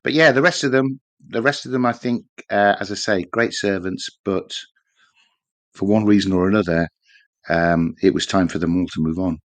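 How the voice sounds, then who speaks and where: A man chats about football in a relaxed, rambling way and drops dry asides. His voice sits fairly low, and the recording is close and dry with no room sound. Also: moderate pace, dry recording. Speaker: podcast co-host. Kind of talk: casual football podcast chat.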